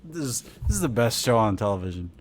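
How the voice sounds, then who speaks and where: A man co-hosting a comedy show, riffing loudly on a movie with silly put-on voices. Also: mid-range voice, very animated, brisk. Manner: rowdy, joking, silly voices. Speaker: podcast co-host.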